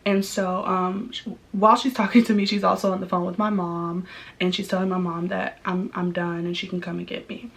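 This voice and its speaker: A woman's voice: lowish voice, level tone, fairly quick, vocal fry. A young woman telling a personal story in a casual vlog, chatty and candid, with many likes and ums. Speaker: vlogger.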